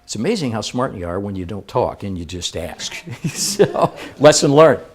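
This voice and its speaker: Animated man giving a seminar talk. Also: fairly low pitch, moderate pace. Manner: lively, playful, engages audience with questions. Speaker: seminar speaker.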